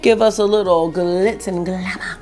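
Chatty, excitable woman beauty vlogger. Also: on the low side, moderate pace, faint music behind. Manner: chatty and excitable, talks straight to viewers. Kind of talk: casual makeup tutorial chat.

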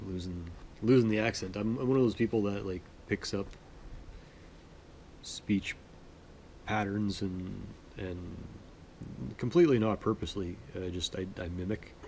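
A man from Manitoba, Canada, chatting in a relaxed, rambling, self-deprecating way as host of his sewing vlog. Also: low voice, normal speed, slight background noise. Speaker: sewing vlogger. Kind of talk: relaxed casual chat.

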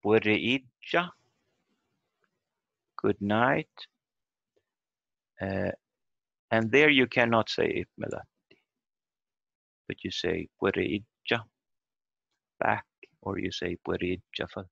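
A man teaching a language lesson over a video call, explaining slowly and haltingly and repeating example words aloud. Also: fairly low pitch, gravelly, sharp tone, no echo. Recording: dull lo-fi video call audio.

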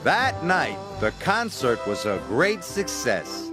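A man reading a children's story aloud as narrator, expressive and dramatic. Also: slow. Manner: expressive, shifting pitch for drama. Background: music.

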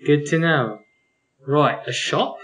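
A man's voice: a little high, slow pace, a bit bright, slight background noise. A man playing a co-op racing game with a friend, explaining the rules in a wry, laid-back way. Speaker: game player. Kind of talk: casual let's-play chat.

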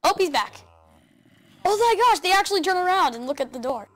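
A woman hosting a video game let's play, excitable, chattering to the game animals and laughing often. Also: extremely high pitch, brisk. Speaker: gaming channel host.

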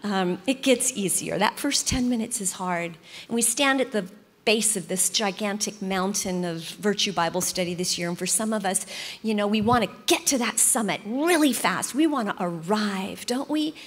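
A woman's voice: medium pitch, normal speed, slightly rough. A woman in her fifties giving an earnest, encouraging Bible study talk, telling stories to a live audience in a church hall. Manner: warm storytelling, earnest and encouraging. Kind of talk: sermon-style teaching talk. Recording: long hall reverb.

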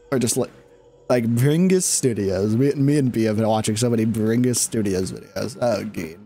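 A man's voice: medium pitch, warm tone, slight background noise. A man giving casual, rambling commentary while streaming a game, restarting his sentences and breaking into laughs.

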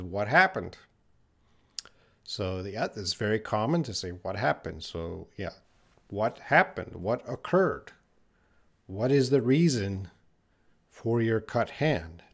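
Slow, patient male English teacher. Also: fairly low pitch, vocal fry. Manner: slow, patient, reads viewer questions aloud then explains. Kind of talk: live Q&A English lesson.

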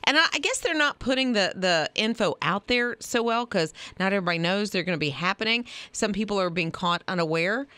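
Bright, bubbly female radio co-host. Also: mid-range voice, animated, brisk, hardly any pauses, clean tone, dry recording. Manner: bubbly, teasing, laughs often. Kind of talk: casual radio chat. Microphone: studio microphone.

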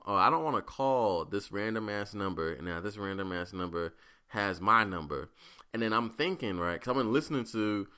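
Low-voiced man telling profane stories. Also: clear, resonant tone. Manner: profane, rambling, animated storyteller. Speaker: podcast host. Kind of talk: casual solo podcast storytelling.

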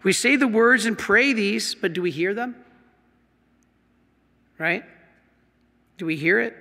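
A man, a Catholic priest, teaching his audience from slides in an animated way, with many rhetorical questions. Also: high voice, unhurried, gravelly, long pauses. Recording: long hall reverb.

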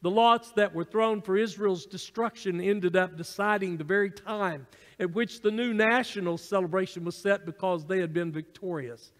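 High-voiced pastor preaching in a hall. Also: male voice, moderate pace, a bit bright. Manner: teaching from notes, with fillers and asides to the congregation. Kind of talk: sermon. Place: church sanctuary.

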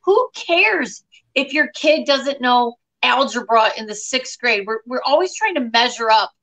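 A middle-aged woman comedian with a bright, sharp tone and a fairly high voice. She chats casually and tells her stories in an animated, quick way. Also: rough recording. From Detroit, USA. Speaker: comedian, guest. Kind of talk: casual interview chat.

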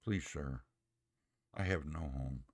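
A man's voice: extremely low pitch, takes it slowly, no room sound, studio quality, full character voice. A man voicing a poor orphaned little girl who politely pleads. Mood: pleading.

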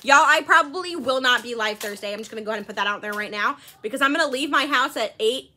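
A woman's voice: on the high side, fast, sharp tone, slight background noise. A woman hosting a live shopping stream, chatty and laughing often as she calls out items and bin numbers. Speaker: live-sale host.

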